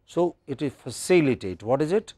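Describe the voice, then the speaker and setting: A man's voice: medium pitch, measured pace, darkish tone, no echo. Indian man teaching word stress. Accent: Indian English. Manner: drills word stress, quizzing students. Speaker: English pronunciation teacher. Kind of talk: classroom lecture.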